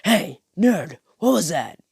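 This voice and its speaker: A cocky teenage rival yells his taunts high and loud, dragging the words out, voiced by a man retelling a fan story. The sound is dry and close. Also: sing-song, slow, creaky, husky, no room sound, full character voice. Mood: taunting. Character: brash shouting teen boy rival.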